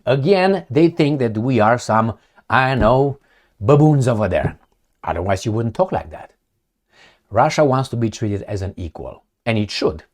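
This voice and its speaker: This man's commentary monologue is blunt, sarcastic, and political, sprinkled with swearing and aimed directly at the viewer. He speaks at a medium pitch, a little slowly, with lively intonation.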